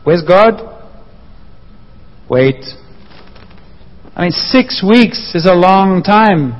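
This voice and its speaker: Preacher in a long-echoing hall. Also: male voice, high-pitched, drawn-out words. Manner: lively storytelling, acting out voices. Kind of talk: sermon. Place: church hall. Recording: dull sound with long hall reverb.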